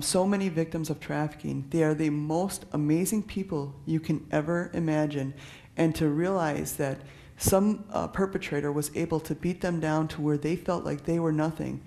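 Male police officer, gravelly, a bit high, earnest public talk. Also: a little mellow. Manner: earnest, conversational, frequent restarts and fillers. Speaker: police officer speaking on trafficking.

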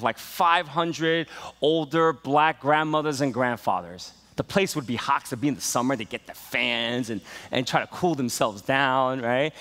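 A male pastor preaching a sermon in a relaxed, storytelling way, full of fillers, that builds to enthusiasm. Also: a little high, in a large hall. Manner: conversational storytelling with many fillers and rising enthusiasm. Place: church sanctuary.

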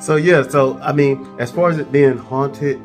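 Guy vlogging, easygoing and jokey, regular pitch, faint music behind. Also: steady tone, a little slow. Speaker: travel vlogger. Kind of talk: casual chat.

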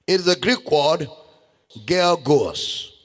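A man preaching a sermon as pastor, shouting and half-singing scripture verses with great passion. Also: on the high side, takes it slowly. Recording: long hall reverb with faint music.

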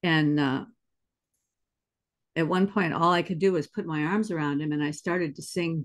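A podcast host sharing a personal story in a quiet, reflective way during an interview. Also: medium pitch, moderate pace, pauses often. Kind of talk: conversational interview.

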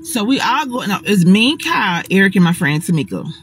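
A woman telling a personal story straight to her audience in a casual storytime monologue, animated and dramatic, swearing often. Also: mid-range voice, brisk, rough recording.

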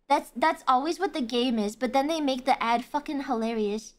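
A young woman streamer casually reacting, giggling often and swearing freely in an animated way. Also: sits high, moderate pace, few pauses.

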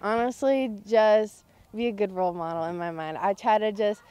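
A teenage girl in a post-game interview about her softball team. She talks with bubbly excitement and fills her answers with "like" and "honestly". Her voice sits at an ordinary pitch for a young woman. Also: moderate pace, lo-fi sound, slight background noise. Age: teens. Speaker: high school softball pitcher.

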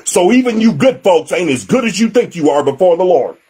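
A man's voice: high-pitched, big pitch swings, brisk, mellow, breathy edge. A man preaching a sermon as pastor, emphatic, with a repetitive preaching cadence. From United States.

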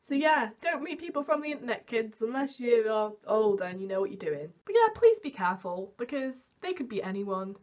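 A young woman vlogging, telling a story in an animated way and acting out the quoted voices. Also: fairly high pitch, a little fast, few pauses. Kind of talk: storytime vlog.

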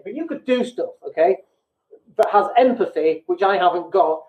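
A British man with a high, animated voice hosts a business podcast at a normal pace, speaking bluntly and casually while poking fun at himself and acting out the people he quotes. The recording has an echoey room sound and a tinny, phone-like quality.

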